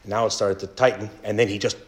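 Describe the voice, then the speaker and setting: A man's voice: on the low side, quick pace. Canadian guy preaching, tells stories, jokes at himself. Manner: animated storyteller, self-mocking humor. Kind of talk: casual sermon storytelling.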